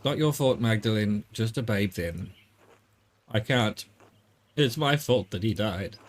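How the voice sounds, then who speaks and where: A man's voice: fairly low pitch, unhurried. A man voicing a grieving, devout old widowed father, reading game dialogue aloud in a subdued storytelling way. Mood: sorrowful. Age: older.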